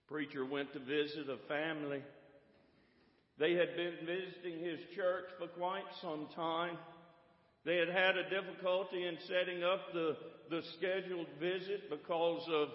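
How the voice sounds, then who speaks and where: A male pastor preaches slowly and deliberately, his voice pitched fairly high. He repeats words as he builds his points. The sound is dull and lo-fi, with the long reverb of a church sanctuary. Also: fairly even intonation. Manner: slow, measured storytelling with repeated words. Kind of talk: sermon.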